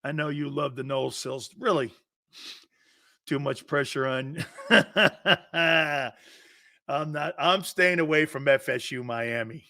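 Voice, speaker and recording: A man in his fifties hosts a sports talk show, chatting casually and joking as he reads viewer comments. His voice sits a little high and has a bright, pushing edge. He laughs easily and keeps the energy animated. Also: slow. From northeastern United States. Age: 50s.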